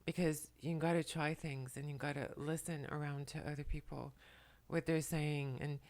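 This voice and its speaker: Woman close to tears, low flat voice with a bit of fry, soft and halting, slips into whispers. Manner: halting and soft-spoken, often dropping to a whisper. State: tearful. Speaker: spiritual channeler and makeup vlogger. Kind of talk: emotional channeling talk to camera. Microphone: camera mic, speaking to the camera.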